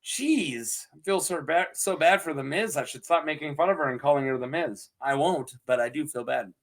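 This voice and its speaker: A man chatting casually on his own as a show reviewer, laughing often and slipping into quick, goofy character voices. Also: on the high side. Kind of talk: casual solo review chat.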